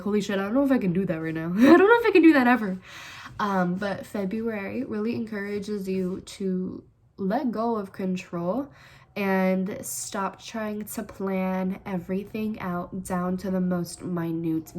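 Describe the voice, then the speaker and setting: A woman's voice: mid-range voice, darkish tone. A young woman giving a casual tarot reading to camera, chatty and reassuring, breaking into giggles. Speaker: tarot reader.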